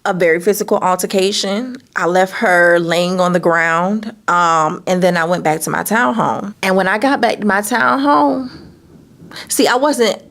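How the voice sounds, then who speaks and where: A woman telling a candid, animated personal story in a vlog, swearing freely. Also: medium pitch, normal speed, creaky. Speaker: business owner and vlogger.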